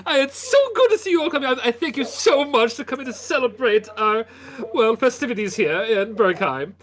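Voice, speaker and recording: Woman voicing a jolly roly-poly male mayor, high, bouncy, effusive. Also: animated, slight background noise, close to an everyday voice. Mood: gushing. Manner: effusive, giggly, fast.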